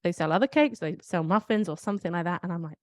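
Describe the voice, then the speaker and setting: A British woman with a slightly low voice, co-hosting a podcast in casual conversation. She tells everyday stories and then reflects on them aloud, often questioning herself as she goes. The recording is close and dry, with no room echo. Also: animated, fast talker, darkish tone. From United Kingdom. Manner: reflective, storytelling with self-questioning asides. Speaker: podcast co-host.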